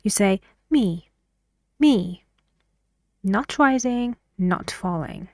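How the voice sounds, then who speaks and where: A woman gives a slow, deliberate pronunciation lesson, her voice rising and falling to show each pattern. The sound is dry and close, with no room around it. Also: lively intonation, no room sound. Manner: slow, careful, modelling intonation with exaggerated pitch. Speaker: English teacher.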